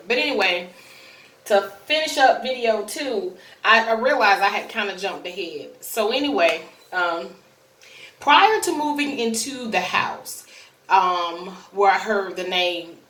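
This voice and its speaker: A woman's voice: mid-range voice, fairly bright tone, slight background noise. A woman telling a personal story about her child in a chatty, rambling way, with many fillers and restarts. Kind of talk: casual storytelling to camera. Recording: roomy echo, from a distance.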